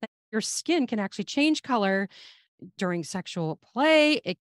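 Woman, podcast host, casual chat, laughs often, very lively pitch, dry close sound. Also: unhurried, no room sound.

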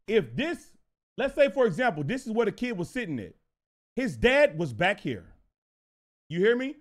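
A man telling a casual storytime, animated and profane, repeating himself as he goes. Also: sits high, normal speed. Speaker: storyteller vlogger.

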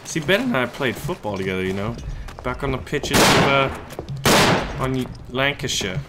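A man's voice: mid-range voice, expressive, moderate pace, very noisy, close to an everyday voice. A man doing a jokey, matey voice of a male British soldier buddy while playing a shooter game. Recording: loud game gunfire behind voice.

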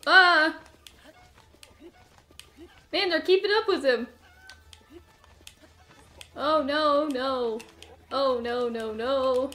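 A woman's voice: sits high, extremely slow, pauses often, bright, forceful tone, soft background music. A woman hosting her own video game playthrough, chatting casually and nervously, laughing and talking to her character as she plays. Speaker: gaming channel host. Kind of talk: casual let's-play commentary.

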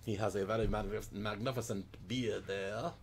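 A man's voice: fairly low pitch, fairly even intonation, moderate pace, slight background noise, natural voice. A man putting on a comic accent as a jolly hockey-player persona, chuckling "ho, ho" as he speaks as the players. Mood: jokey. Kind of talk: mock-accent card commentary.

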